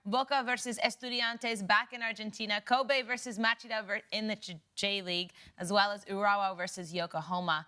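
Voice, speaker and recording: A woman hosting a sports talk show, presenting match listings and questions in a quick, upbeat way. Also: mid-range voice, fairly even intonation, bright, forceful tone, clean tone. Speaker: host.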